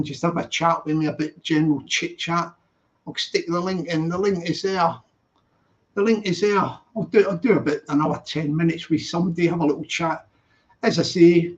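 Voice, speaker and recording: A man hosting a live stream, chatting casually and rambling as he reads out viewer comments. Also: a little high. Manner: rambling, repeats himself, chatty. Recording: dull lo-fi stream audio.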